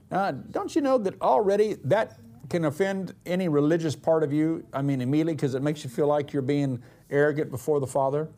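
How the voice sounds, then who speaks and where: A male pastor delivering a sermon in a high, lively voice that swoops up and down. He stretches out key words for emphasis and hurries through side remarks. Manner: dramatic, emphatic preaching with slow drawn-out declarations.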